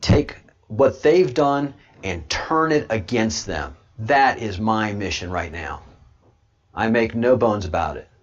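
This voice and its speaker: A man hosting a livestream and answering chat, halting with many restarts, then repeating points slowly and with emphasis. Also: on the low side, lively intonation, lo-fi sound. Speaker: channel host.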